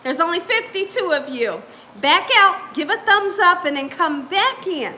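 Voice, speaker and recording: A woman's voice: extremely high pitch, expressive, unhurried, bright, forceful tone, a little hiss or hum. A woman hosting a live cooking stream, chatting upbeat with viewers, greeting them by name and laughing often. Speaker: cooking channel host.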